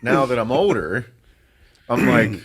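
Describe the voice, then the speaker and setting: A middle-aged podcast host from western Pennsylvania tells a story in casual chat, swearing freely and laughing through it. His mid-range voice is animated, unhurried and husky.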